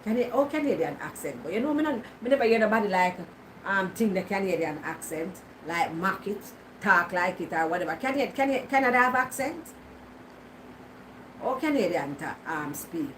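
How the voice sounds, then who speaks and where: A Jamaican woman talks straight to her viewers in relaxed Patois, teasing and answering back to their comments. A faint hiss of noise sits under her voice. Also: mid-range voice, normal speed, poor audio. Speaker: vlogger. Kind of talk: casual chat to viewers.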